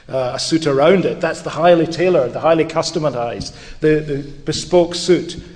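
A man's voice: on the high side, darkish tone. A middle-aged man, a law professor, giving a public lecture with wry, dry humour and occasional restarts. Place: lecture hall with audience. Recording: long reverb of a lecture hall.

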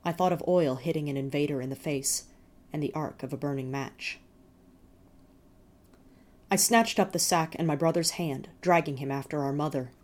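A woman reading first-person fiction in a measured, steady storytelling manner. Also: sits low. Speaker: narrator.

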